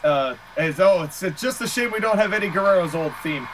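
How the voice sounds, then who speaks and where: Excitable male play-by-play caller with a bouncy, animated delivery, recorded with a lot of background noise. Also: high-pitched, rough recording. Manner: excitable, quick to laugh, exclaims at big moves. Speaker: play-by-play commentator. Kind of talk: casual play-by-play commentary.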